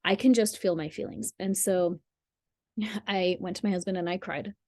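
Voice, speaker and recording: A woman coaching listeners through emotional healing and a guided visualization, in a casual, rambling way with restarts and soft laughs. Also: mid-range voice, fairly even intonation, normal speed, no room sound, clean studio sound. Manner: rambling, restarts and apologizes for digressions.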